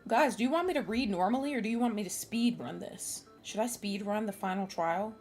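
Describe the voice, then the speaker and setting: A woman's voice: mid-range voice, a little fast, a little mellow, soft background music. A young woman streamer chatting casually with her viewers, swearing and nervous about the game ahead. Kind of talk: casual live-stream chat.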